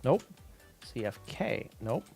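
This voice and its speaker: During a casual live stream of coding a game, a man rambles, reads chat out loud, uses plenty of fillers, and swears freely. His mid-range voice is very animated yet unhurried, creaky and warm in tone. Soft background music plays.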